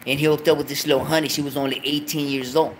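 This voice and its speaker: A man's voice: a little high, fast, a little hiss or hum. Profane man telling a street story. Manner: profane, animated, acts out quotes loudly. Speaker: show host telling a story. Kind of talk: casual storytelling.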